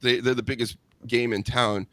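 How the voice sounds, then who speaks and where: A man's voice: mid-range voice, level tone, normal speed, pushed and bright, no echo. A man hosting a wrestling podcast in casual chat, blunt and sarcastic, swearing freely. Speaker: podcast host.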